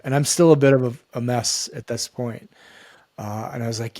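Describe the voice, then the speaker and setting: A man, a guest on a podcast, telling a personal story in an earnest, halting way that repeats and restarts phrases. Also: mid-range voice, warm tone, dry recording. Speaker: guest, men's coach.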